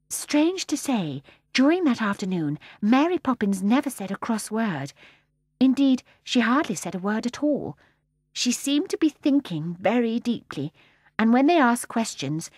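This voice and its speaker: Female audiobook narrator, expressive and measured, mid pitch, dry sound. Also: slightly rough, no room sound. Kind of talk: scripted narration.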